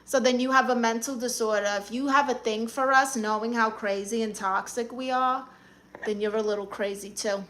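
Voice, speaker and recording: On her live stream, a woman with a Brooklyn accent reads viewer comments and chats in a sassy, brash, casual manner. She talks at a moderate pace, with a fairly high pitch, fairly even intonation and a fairly bright tone.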